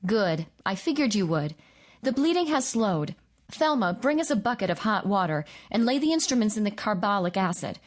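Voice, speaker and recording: A woman reading the part of a calm woman doctor who gives steady orders in an audiobook. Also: mid-range voice, moderate pace, natural voice. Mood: commanding.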